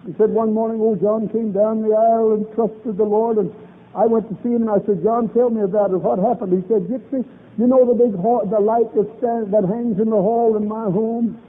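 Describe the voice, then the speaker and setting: A man's voice: high voice, fairly even intonation, brisk. A man preaching a revival sermon, fervent and emphatic, repeating lines for emphasis. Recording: tinny old lo-fi recording.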